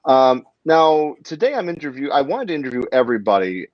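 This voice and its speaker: A man's voice: medium pitch, sing-song, brisk, dry recording. A man hosting a casual livestream interview, chatty and jokey, often breaking off mid-sentence. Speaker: livestream host. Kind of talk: casual live interview chat. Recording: dull lo-fi livestream audio.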